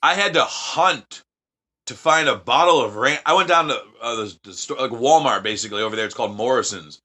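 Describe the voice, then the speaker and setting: A man from the United States, a podcast guest telling profane, animated anecdotes in casual chat. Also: medium pitch, brisk.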